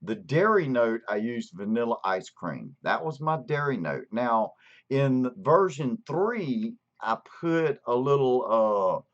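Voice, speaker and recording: A man's voice: mid-range voice, very animated, slow. A man from Alabama with a Southern accent, hosting a casual livestream and greeting viewers by name as he talks, stretching out words for emphasis. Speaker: channel host. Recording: dull lo-fi stream audio.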